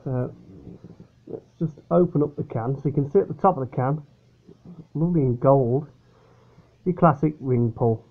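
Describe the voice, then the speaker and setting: A young man with a mid-range voice reviews a beer at home at normal speed, leaving long pauses. It's a casual product review vlog, rambling and chatty, with frequent self-corrections, captured in tinny, phone-like audio.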